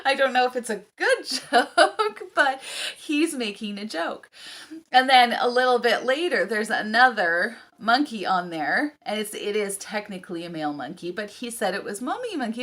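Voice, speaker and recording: A woman's voice: on the high side, lively intonation, a little slow, fairly bright tone. A woman in her thirties, a homeschooling mom, chatting casually to camera in a rambling way with ums and laughing asides.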